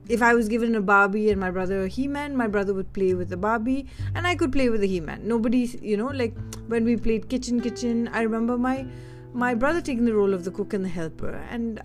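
A woman from Delhi shares personal stories in a candid, reflective way, often pausing to search for her words. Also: a little high, faint music behind. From India (Delhi). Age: adult. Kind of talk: personal storytelling monologue.

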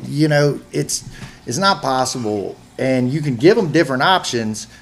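A man in his forties hosting a casual chat, talking in a halting, rambling way with frequent restarts. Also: medium pitch, animated, a little hiss or hum. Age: 40s.

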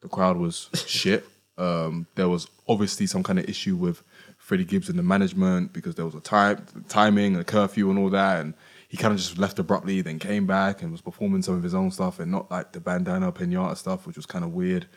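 A man's voice: sits low, level tone, fairly quick. A man, hosting a casual podcast chat in a laid-back, rambling way. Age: 20s. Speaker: podcast host.

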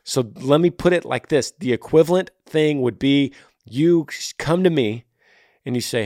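A man's voice: fairly high pitch, normal speed, a little mellow, no room sound, studio quality. A man with a tired voice, hosting a podcast and answering listener emails in casual, earnest advice talk that sometimes drops almost to a whisper. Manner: earnest, pleading, drops to near-whisper when pressing.

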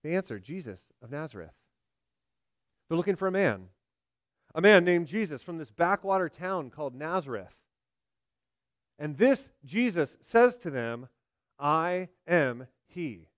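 A man delivering a sermon in a somewhat high-pitched voice. The sound is dry and close, with no room around it. He swings between forceful emphasis and quiet, hushed passages. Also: very animated, normal speed, no room sound. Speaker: pastor.

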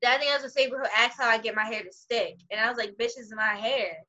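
Bright, animated young woman on a video call. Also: fairly high pitch, racing. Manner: animated, profane, laughs often. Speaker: conversation partner. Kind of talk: casual storytelling chat. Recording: muffled video-call audio.

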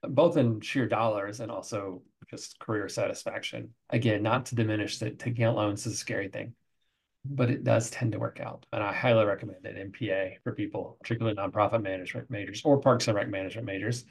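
A woman's voice: very deep voice, fairly even intonation, brisk, a little mellow, husky. A woman interviewer and former instructor, friendly and affirming in a casual conversation.

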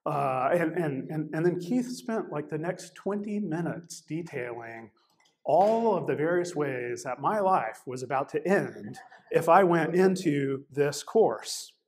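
A man's voice: fairly high pitch, lively intonation, measured pace. A man giving a sermon as a guest preacher, telling a personal story in a conversational way with many fillers and restarts. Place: church service, also streamed online.

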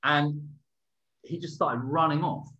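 Casual male co-host, rather high voice, animated storyteller, swears, dull lo-fi audio. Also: takes it slowly. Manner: animated, swearing, acts out quotes loudly. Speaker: podcast co-host. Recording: dull lo-fi sound.

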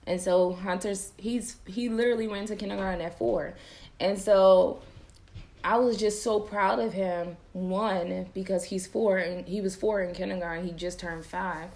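A woman's voice: medium pitch, steady tone, normal speed, a little mellow. A young woman hosting a podcast, chatting casually and animatedly to her viewers, laughing often. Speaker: podcast host.

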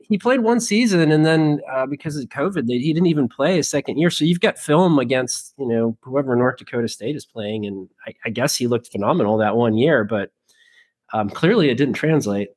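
A man's voice: medium pitch, lively intonation, a little fast, a little mellow, breathy edge, no echo. A man co-hosting a casual podcast, rambling with filler words and a self-deprecating humor. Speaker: podcast co-host. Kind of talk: casual chat.

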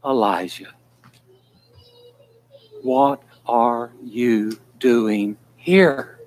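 A man's voice: medium pitch, extremely slow, darkish tone. A man voicing a stern but caring divine figure in a sermon, questioning and reproachful.

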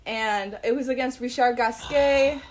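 A young woman excitedly telling a casual story, giggling often and using lots of fillers. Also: fairly high pitch, a little slow.

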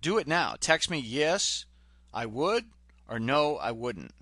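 A man's voice: medium pitch, big pitch swings, slow, a bit bright, no room sound. A man giving a direct, pushy motivational talk as a sales coach. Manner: direct, pushy, retells film scenes.

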